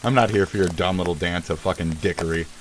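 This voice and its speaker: A man's voice: sits low, steady tone, fast talker, slight background noise. Sneering man in a profane rant. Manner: angry, sneering, swears constantly. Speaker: vlogger. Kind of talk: profane ranting monologue. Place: outdoors near traffic.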